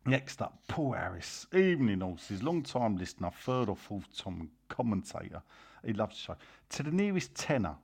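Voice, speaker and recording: A man hosting a casual football podcast, reading listener messages aloud in a slow, deliberate way and rambling between them. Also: on the low side, very animated, gravelly, breathy edge. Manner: rambling, lots of fillers.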